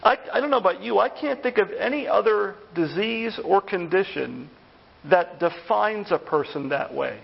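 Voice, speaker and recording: Pastor, male, higher-pitched with some vocal fry, chatty sermon delivery; dull lo-fi church recording. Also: normal speed. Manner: conversational, animated when retelling stories. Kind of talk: evening sermon.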